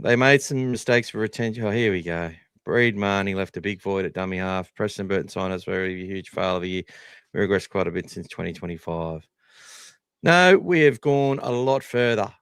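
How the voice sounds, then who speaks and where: A man's voice: on the low side, clean tone, no room sound. An Australian man hosting a live podcast, talking in a blunt, sweary, casual way. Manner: blunt, sweary, animated opinions. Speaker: podcast host.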